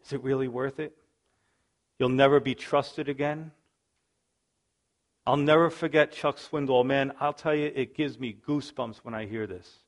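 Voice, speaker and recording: A middle-aged man preaching a sermon in a voice of middling pitch. He tells the story with drama, acting out the people in it. His volume climbs to loud bursts and falls to quiet asides. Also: fairly even intonation, normal speed, long pauses. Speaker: pastor.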